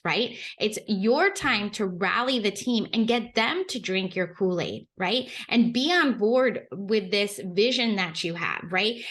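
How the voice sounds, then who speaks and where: A woman's voice: a little high, fairly bright tone. A woman hosting a podcast in a casual, motivational way, upbeat and chatty, often asking "right?" and acting out quoted reactions with playful exclamations. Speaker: podcast host.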